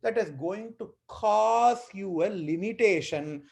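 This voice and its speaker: A man's voice: sits high, takes it slowly, vocal fry, darkish tone. A man teaching a commentary on a scripture, explaining patiently with everyday examples and repeating key words. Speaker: spiritual teacher.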